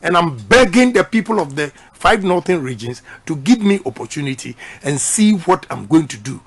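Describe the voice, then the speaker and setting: Emphatic Ghanaian man, high voice. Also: a bit bright. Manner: emphatic, repeats his points. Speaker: politician. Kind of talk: campaign speech.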